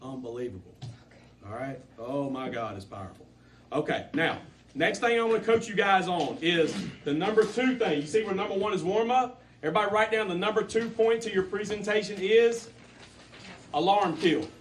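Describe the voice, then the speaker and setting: A man leads a sales training session in front of a group, his fairly high voice pushing points home through repetition and rising emphasis. He is picked up from a distance, and a faint hum sits under his voice. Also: moderate pace.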